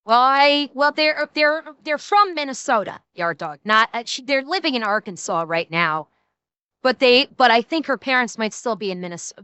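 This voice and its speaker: High, bright excitable woman streamer. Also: normal speed, clear, resonant tone, no echo. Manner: excitable, swears freely, rambling self-corrections. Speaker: streamer reacting to a video. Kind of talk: casual reaction commentary.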